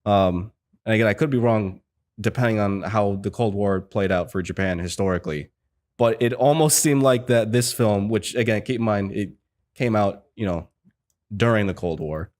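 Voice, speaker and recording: A man's voice: on the low side, normal speed, a little mellow. A man hosting a casual film podcast, talking in a rambling way with lots of fillers and restarts. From United States. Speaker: podcast host.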